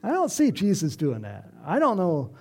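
A middle-aged man preaching an informal sermon, animated and chatty, acting out voices and chuckling as he speaks to the congregation. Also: sits high, moderate pace. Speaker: pastor.

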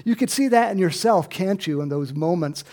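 Animated preacher with a lively voice. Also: mid-range voice, moderate pace. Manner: animated, swings between hushed and loud, laughs often. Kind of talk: sermon.

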